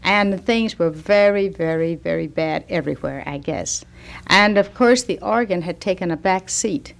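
Older southern lady telling stories on a radio show, gentle and dry-witted. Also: on the low side, moderate pace, vocal fry. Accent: Southern American. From American South. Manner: gentle storytelling with dry wit. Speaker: guest organist. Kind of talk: radio interview.

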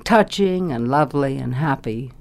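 An older woman, a former radio actress, reminiscing in an interview as an animated storyteller who laughs readily. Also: rumbling low, normal speed. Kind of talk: reminiscing conversation.

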